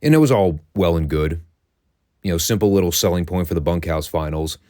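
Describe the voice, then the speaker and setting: A deep, low-voiced man hosts a casual podcast, recounting old events with sardonic, profane amusement. His voice sits close to the mic in a dry, dead room with no echo. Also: brisk, warm tone. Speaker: podcast host.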